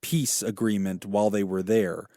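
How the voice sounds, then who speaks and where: A man who works as a therapist, co-hosting a podcast and telling a story in a casual, animated way, swearing freely. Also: lowish voice, normal speed, no room sound, clean studio sound.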